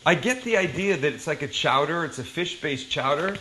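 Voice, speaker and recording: A man's voice: fairly high pitch, brisk, background noise. A man hosting a cooking show, chatting casually and telling joking stories as he cooks. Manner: joking, animated storytelling.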